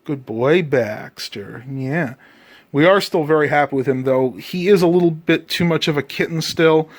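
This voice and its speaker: A man records a casual vlog in his bedroom at home. He talks in an easygoing, rambling way, with ums and uhs scattered through. His voice sits a touch higher than most men's. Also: normal speed. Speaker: vlogger.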